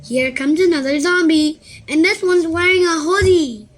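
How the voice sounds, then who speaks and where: A woman voicing a gruff, cocky schoolboy who talks loud and brushes things off. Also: sits high, takes it slowly, full character voice. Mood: brash. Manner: brash, loud, dismissive.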